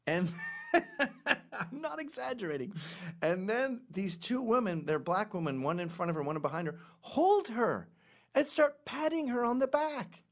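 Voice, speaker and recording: A middle-aged man hosting a podcast, telling stories in an animated, sarcastic, casual way. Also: high voice, moderate pace. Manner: animated storytelling with sarcastic asides. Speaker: podcast host.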